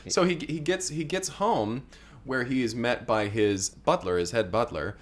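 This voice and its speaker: A man's voice: mid-range voice, unhurried. Man improvising a rambling comic story. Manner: rambling, repeats words, laughs often. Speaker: improv performer and narrator.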